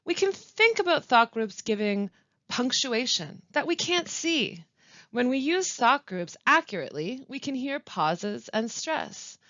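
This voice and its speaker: A woman who works as a language support specialist, presenting a pronunciation webinar with clear, deliberate teaching and careful pauses. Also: on the high side, sing-song, a bit bright, no echo. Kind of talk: instructional webinar narration. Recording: dull, lo-fi dry voice-over.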